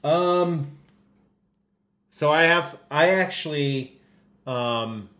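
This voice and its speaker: A man's voice: fairly high pitch, very slow, sharp tone. Young guy on a sports podcast, lots of ums, keeps restarting his sentences. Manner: hesitant, many ums and restarts. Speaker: podcast co-host. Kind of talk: casual sports podcast chat.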